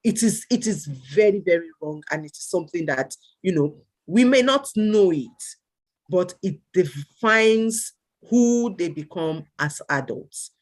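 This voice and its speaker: A woman co-hosting an online panel over a video call, speaking earnestly and pressing her point. Her voice sits a little low for a woman. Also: animated, a little slow. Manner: earnest, urging, with many listening hums. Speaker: co-host.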